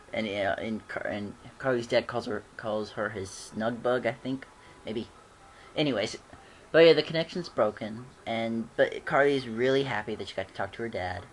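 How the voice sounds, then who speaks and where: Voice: medium pitch, slight background noise. A fan recapping a TV episode in a casual vlog, rambling and giggling, with frequent restarts. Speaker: show reviewer.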